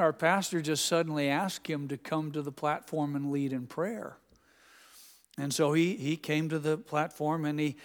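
Male preacher, sermon, storytelling with gentle humor, smooth resonant voice, long church reverb. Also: on the high side. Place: church sanctuary.

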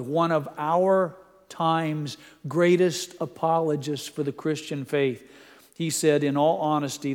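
Man, preacher, earnest sermon delivery, slightly high voice, long reverb of a hall. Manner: earnest, reads quotes aloud, ends in hushed prayer. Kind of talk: sermon reading and prayer.

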